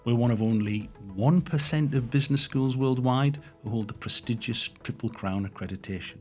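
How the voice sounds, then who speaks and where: A man hosting a business podcast, asking questions in a chatty, animated way and reading sponsor breaks. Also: medium pitch, moderate pace, soft background music. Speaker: podcast host.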